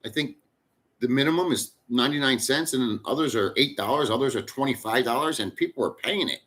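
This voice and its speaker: A middle-aged man talks loosely to his live chat from his home in the Philippines. His voice is bright and forceful, and he rambles bluntly with plenty of swearing. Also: medium pitch, animated, fairly quick. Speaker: livestream host. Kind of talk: casual live chat with viewers.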